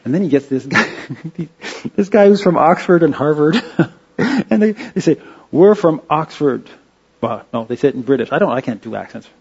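A man giving an informal slide-show talk, halting and restarting with many fillers. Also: a little high, animated, a little mellow, husky, lo-fi sound. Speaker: presenter.

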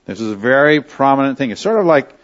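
A man from Canada preaching a verse-by-verse sermon, leaning on key words and dropping soft at the ends of phrases. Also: medium pitch, big pitch swings, fast talker. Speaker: pastor. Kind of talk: expository sermon. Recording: slightly dull lo-fi sound.

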